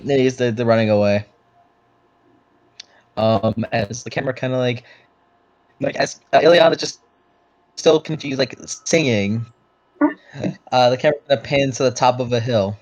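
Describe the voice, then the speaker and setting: A man's voice: medium pitch, moderate pace, pauses often, darkish tone, highs cut off. A man narrating a tabletop game as game master, loose and rambling, with lots of fillers and swearing.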